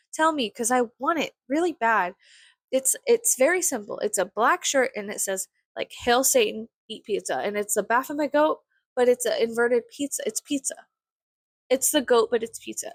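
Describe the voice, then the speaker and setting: A woman's voice: mid-range voice, vocal fry, no room sound, clean studio sound. A young woman rambling casually to camera, swearing freely and acting out her own thoughts with self-mocking humor. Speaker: vlogger.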